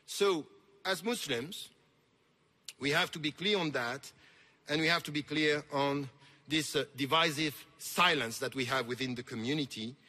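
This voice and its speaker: Man, impassioned lecture, bright forceful voice, higher pitch. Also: a little slow. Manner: impassioned, emphatic, rising to forceful peaks. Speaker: speaker. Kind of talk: conference lecture. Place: large lecture hall.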